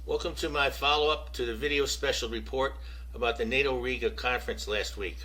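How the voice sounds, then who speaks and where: An American man delivers casual political commentary straight to his audience. His voice is husky and sits at an ordinary male pitch. He is opinionated and keeps throwing rhetorical questions at the listener. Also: fairly even intonation, a little fast, bright, forceful tone, poor audio. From United States. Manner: opinionated, talks to viewers directly with rhetorical questions.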